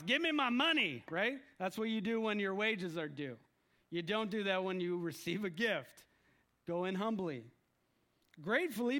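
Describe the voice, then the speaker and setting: A man from the United States preaching a lively sermon, with emphatic lists and short quoted voices. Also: sits high.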